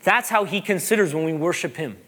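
A man, a pastor preaching a sermon, animated and joking, repeating phrases for emphasis. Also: on the high side, a little fast.

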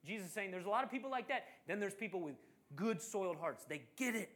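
Animated male preacher telling a story. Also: high voice, fast. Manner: animated storytelling, acting out quoted voices. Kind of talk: sermon.

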